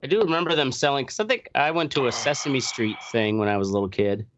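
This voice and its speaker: A man's voice: mid-range voice, quick pace, a bit bright, dull audio. A man co-hosting a podcast in casual banter, teasing and swearing. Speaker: podcast co-host. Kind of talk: casual chat.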